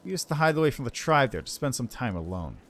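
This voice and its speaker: A man's voice: medium pitch, sing-song, fast talker, fairly bright tone. A man voicing a cruel, scheming tribal huntress who taunts in a sing-song, menacing way.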